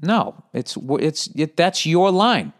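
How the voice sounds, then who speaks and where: A man's voice: on the high side, slow. A middle-aged man with a Boston accent hosting a podcast, reading listener letters and ranting back with constant profanity. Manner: profane, animated ranting with frequent swearing; reads listener letters aloud, then rants back.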